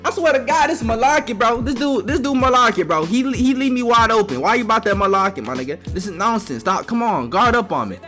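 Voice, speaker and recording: A young man trash-talks his way through a game, his high, lively voice jumping from yelled taunts to quick muttered asides. The tone is bright and edgy, and faint music plays underneath. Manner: loud, taunting, quick swings between shouts and mutters. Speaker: gaming streamer. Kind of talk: trash-talking gameplay commentary.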